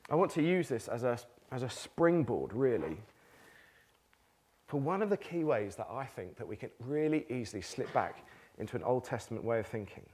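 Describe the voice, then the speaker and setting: A man's voice: mid-range voice, sing-song, normal speed, darkish tone, breathy edge. A man preaching a chatty sermon to a congregation, joking at his own expense and laughing between his points. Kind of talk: conversational sermon. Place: church meeting with a live congregation.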